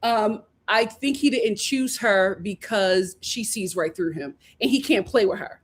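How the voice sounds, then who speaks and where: A woman hosts a casual live recap of a reality show, acting out the cast's lines and laughing often as she reviews it. Her husky, medium-pitched voice keeps a measured pace with hardly any pauses.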